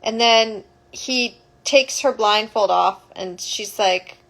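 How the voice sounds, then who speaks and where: A woman's voice: medium pitch, slow, a bit bright, rough recording. A woman, a childbirth educator, retelling a story casually, rambling and correcting herself as she goes.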